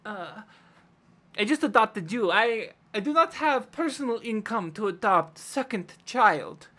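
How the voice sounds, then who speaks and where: A woman voicing a gruff older male stepfather with a put-on Russian accent. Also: medium pitch, expressive, measured pace, bright, forceful tone, voice pushed up. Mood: indignant.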